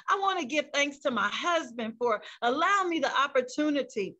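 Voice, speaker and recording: A woman's voice: high voice, animated, fairly quick, sharp tone, muffled recording. A woman pastor preaching a fervent sermon over a video call, breaking into praise as she goes. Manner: fervent, peppers speech with praise interjections.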